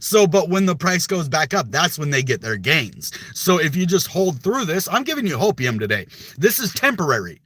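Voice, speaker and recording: Ranting young man, bright dry voice. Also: on the high side, very animated, normal speed, dry recording. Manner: passionate, ranting, repeats words, rhetorical questions. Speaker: crypto video host. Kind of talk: emphatic crypto commentary to camera.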